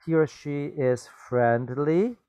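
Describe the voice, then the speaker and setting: A man's voice: fairly high pitch, slow, warm tone, clean tone, no room sound, highs cut off. A man teaching a reading lesson, reading a story aloud and patiently explaining the words, often checking with "okay?" and "right?".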